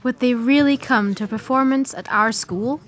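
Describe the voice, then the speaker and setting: Cast note: woman voicing a gentle, reassuring schoolgirl, fairly high voice. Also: normal speed, close to an everyday voice. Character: kind sensible schoolgirl Blossom.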